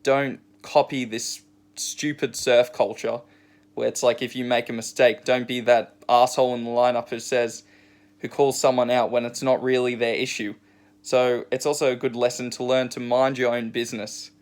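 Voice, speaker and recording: Rambling surf vlogger. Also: male voice, mid-range voice, little pitch movement, moderate pace. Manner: rambling, many fillers. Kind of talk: casual storytelling rant.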